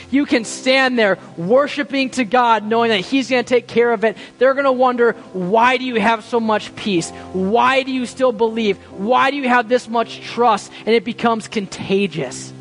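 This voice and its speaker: A man preaching a sermon as pastor, impassioned, swinging between loud pleading and hushed quiet lines. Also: high-pitched.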